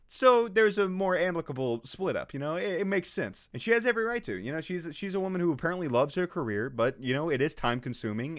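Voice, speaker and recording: A man's voice: a little high, fairly bright tone. A man giving casual, sarcastic commentary on a post he is reading, swearing freely and laughing at his own jokes. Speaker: video host reacting to a social media post.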